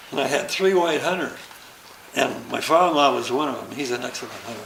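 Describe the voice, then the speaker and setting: An older man spinning animated stories, slipping into the voices of the people he quotes as he goes. His pitch sits in an ordinary middle range. The room around him rings with a roomy echo and faint background noise. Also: fast, gravelly. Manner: lively storyteller who acts out quoted dialogue. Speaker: interview guest. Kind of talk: casual anecdote telling.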